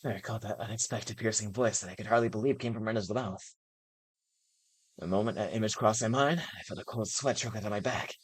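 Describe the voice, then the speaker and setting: A woman's voice: extremely low pitch, breathy edge. A woman streaming a visual novel, narrating its first-person text aloud and laughing at moments. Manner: laughs and reacts excitedly between passages.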